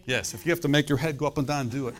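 A middle-aged man delivers a sermon in a loose, conversational style. He keeps checking in with his listeners, tossing out "okay?" and "amen?" between points, and his voice sits at an ordinary middle pitch for a man. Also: very fast. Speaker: pastor.

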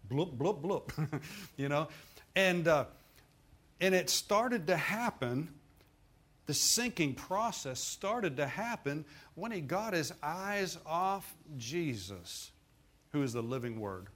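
A man preaching a sermon in a folksy, dramatic way, often laughing and breaking into sudden loud bursts. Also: a little high, big pitch swings, slow pace. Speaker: pastor.

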